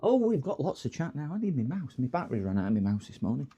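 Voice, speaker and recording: A man's voice: medium pitch, sing-song, fast talker, husky. A middle-aged English man hosting a repair livestream, chatting casually and joking with viewers, rambling between topics. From England. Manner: rambling, jokey, greets chat warmly with bursts of loud hellos.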